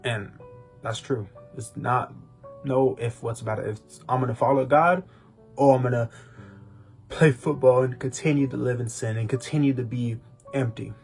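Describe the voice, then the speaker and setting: A man's voice: medium pitch, fairly even intonation, moderate pace, darkish tone, soft background music. A young man co-hosting a podcast, telling his personal testimony in a rambling, casual way with many restarts. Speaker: podcast co-host.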